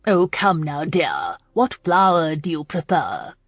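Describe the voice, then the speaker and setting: A woman's voice: sits low, sing-song, takes it slowly, husky, dry recording, clean studio sound, faint music behind, exaggerated voice. A woman voicing a blunt, impatient older lady who presses for an answer in a storybook reading. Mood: brusque.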